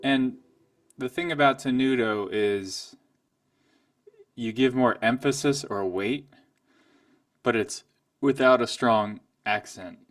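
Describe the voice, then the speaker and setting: A man giving a piano lesson, calmly explaining and then playing examples at the keyboard. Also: medium pitch, takes it slowly, pauses often, dry recording, studio quality. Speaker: piano teacher. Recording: voice from a distance, piano loud alongside.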